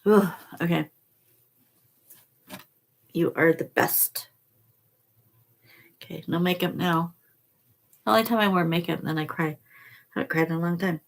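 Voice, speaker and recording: Slow, gravelly-voiced woman host. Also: lowish voice. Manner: slow, soft and emotional, reads aloud with pauses. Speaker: channel host reading oracle cards. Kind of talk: casual spiritual vlog.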